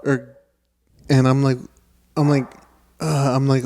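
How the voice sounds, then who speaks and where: A man's voice: medium pitch, level tone, measured pace, pauses often, a little mellow, slight background noise. A man co-hosting a podcast in casual chat, telling rambling stories and quoting himself and others a lot. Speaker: podcast co-host.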